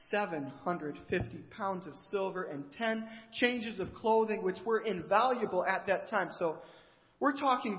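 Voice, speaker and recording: A male preacher with a high voice animatedly retells a story, pausing to put questions to his listeners. His delivery is a storytelling sermon. The sound is dull and carries a long church-hall reverb.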